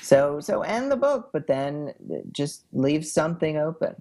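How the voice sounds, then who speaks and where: A man's voice: fairly high pitch, sing-song, a little slow, darkish tone. Male podcast co-host, playful and jokey in loose banter. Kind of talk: casual chat.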